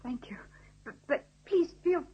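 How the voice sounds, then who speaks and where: A frightened young housewife in an old radio play. Her voice is high and stammering, and her pitch moves a lot. The recording sounds dull. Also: lively intonation, unhurried. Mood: shaken. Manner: tremulous, stammering. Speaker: radio drama actress. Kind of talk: vintage radio drama acting.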